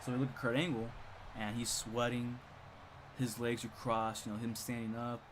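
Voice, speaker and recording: A man's voice: mid-range voice, level tone, normal speed, a little hiss or hum. A young man casually telling a funny school story on a live stream, rambling with lots of repeats and chuckles.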